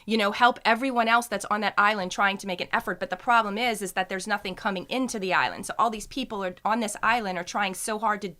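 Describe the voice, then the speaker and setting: A woman filmmaker guesting on a podcast, earnest and excitable in casual chat. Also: mid-range voice, fast talker, few pauses.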